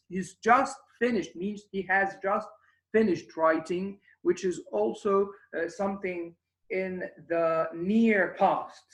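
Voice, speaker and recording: A man's voice: high voice, fairly bright tone. A man teaching a beginners' English conversation lesson. He often hesitates and restarts, then stresses the example phrases he is teaching. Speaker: English instructor. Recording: echoey room.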